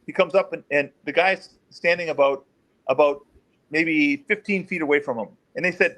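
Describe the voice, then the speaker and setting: Animated storytelling man, slightly high voice. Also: normal speed. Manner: animated, acts out quotes in raised pitch. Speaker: guest, former police officer. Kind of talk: storytelling in an interview.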